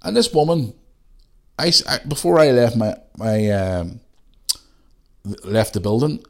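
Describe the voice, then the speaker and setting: A man's voice: medium pitch, lively intonation, a little slow, vocal fry, darkish tone. A man in his forties from the UK, hosting a podcast and telling a long personal story in a heated, profane way. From United Kingdom. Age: 40s. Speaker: podcast host. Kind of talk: casual monologue.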